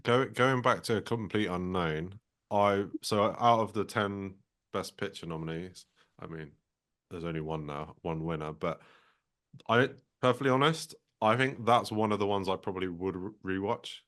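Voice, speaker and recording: A man co-hosting a film podcast, talking in a calm, measured way. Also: low voice. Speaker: podcast co-host. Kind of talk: casual film chat.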